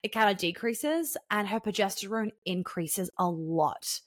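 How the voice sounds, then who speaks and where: A young woman talks casually on a podcast at an ordinary pitch, frank and chatty, now and then acting out the voices of people she quotes. Her voice is recorded close and dry, with no room sound. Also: unhurried, no echo. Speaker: podcast guest.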